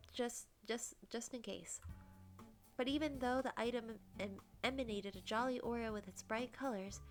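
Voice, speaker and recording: A young woman with a soft, breathy voice reading a visual novel aloud in first person as a game streamer. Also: on the high side.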